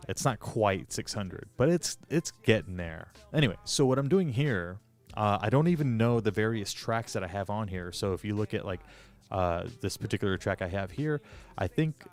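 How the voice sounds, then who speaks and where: A man's voice: on the low side, smooth. A man chatting casually on a live stream, rambling and self-deprecating with lots of fillers, greeting viewers as he goes. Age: adult. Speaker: streamer and hobby modder.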